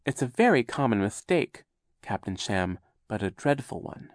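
A man's voice: mid-range voice, very animated, normal speed, no room sound, clean studio sound, close to an everyday voice. A man voicing a fussy, nervous older aunt who fixates on grammar, prim and fretful.

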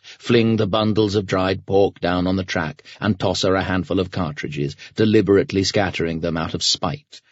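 A man narrating an audiobook in a measured, grave storytelling manner. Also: deep voice, breathy edge, no room sound, highs cut off. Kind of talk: scripted narration.

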